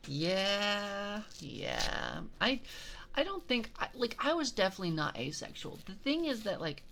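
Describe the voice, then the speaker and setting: A streamer chatting casually on a live stream, giggly and full of fillers, reacting to chat messages. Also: female voice, medium pitch, sing-song, unhurried, gravelly, fairly bright tone. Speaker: VTuber streamer. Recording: audible background noise.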